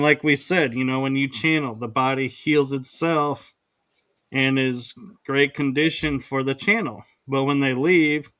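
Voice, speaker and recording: Slow, smooth-voiced male podcast host. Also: medium pitch, a bit bright, no room sound. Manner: slow, hesitant, with frequent restarts and acted-out quotes. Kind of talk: casual conversation.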